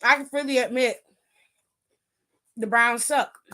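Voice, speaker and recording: A woman's voice: a little high, fairly even intonation, slow, bright, forceful tone. Sassy woman hosting a wrestling aftershow. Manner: sassy, talks back to chat with pet names. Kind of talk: casual livestream chat.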